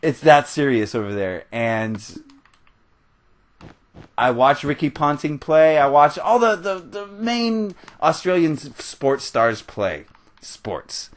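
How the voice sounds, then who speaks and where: Ranting American man, fairly high voice. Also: very animated, slow pace. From United States. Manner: heated, rambling rant with laughs. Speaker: gaming channel host. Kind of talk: ranting commentary over gameplay.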